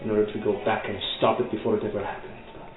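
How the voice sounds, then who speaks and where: Man doing a solemn, frail old crone timekeeper, slow and mournful, on an echoey, phone-like call with music under it. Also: lowish voice, completely flat delivery, lightly acted. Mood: weary, solemn. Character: frail ancient woman timekeeper, weary and sorrowful. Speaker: game master. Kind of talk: voicing a character in a tabletop game.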